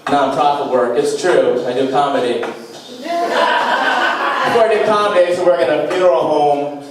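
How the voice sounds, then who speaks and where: Deadpan young man in an echoey club. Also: on the high side, moderate pace, a crowd in the background. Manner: deadpan one-liners with self-deprecating asides. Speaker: stand-up comedian. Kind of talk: stand-up comedy set. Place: small comedy club stage. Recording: echoey club heard from far off. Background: faint beatbox and room noise.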